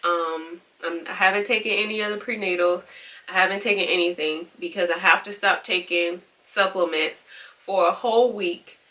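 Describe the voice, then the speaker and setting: Woman venting on her vlog, low-ish but bright edgy voice, sounds a little far from the mic. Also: steady tone, moderate pace. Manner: frank, exasperated retelling with quoted dialogue. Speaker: vlogger. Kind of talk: casual storytelling to camera.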